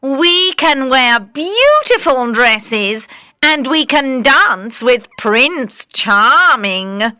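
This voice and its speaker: A woman acts out two spoiled young stepsisters from a storybook, their voices squealing high and swinging wildly up and down. They bark orders and sneer, bright and sharp in a dry, close sound. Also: sing-song, drawn-out words, clean tone, dry recording, exaggerated voice. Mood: excited. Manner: shrill, demanding, scornful. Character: two shrill bossy young ugly stepsisters. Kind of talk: storybook read-aloud.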